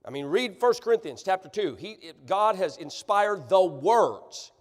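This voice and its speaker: Animated preacher in a reverberant church. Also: male voice, high voice, a little slow. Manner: animated, sarcastic, checks in with the congregation often. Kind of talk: sermon. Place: church sanctuary. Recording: church livestream, long hall reverb.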